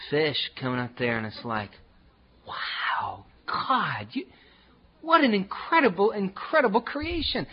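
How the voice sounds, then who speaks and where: Emphatic male preacher, lo-fi sound. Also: high-pitched. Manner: emphatic, repeats phrases, swings from loud to hushed. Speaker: pastor. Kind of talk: sermon.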